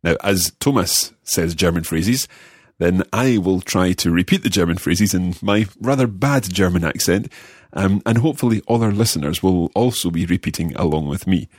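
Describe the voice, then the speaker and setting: A man hosting a podcast language lesson, guiding it in a friendly, measured way as he learns along. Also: low-pitched, a little mellow, breathy edge, no room sound, clean studio sound. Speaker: language course host and learner.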